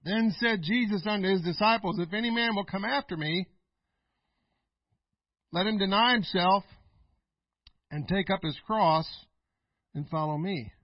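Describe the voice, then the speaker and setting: A middle-aged male pastor preaching a folksy sermon, laughing often and swinging between loud and quiet. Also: sits high, unhurried, pauses often, no room sound, highs cut off.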